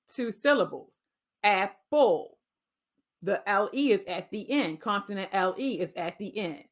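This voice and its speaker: A woman teacher giving a reading-skills training talk, patiently sounding out letter sounds. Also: mid-range voice. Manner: clear, patient, sounding out phonemes slowly.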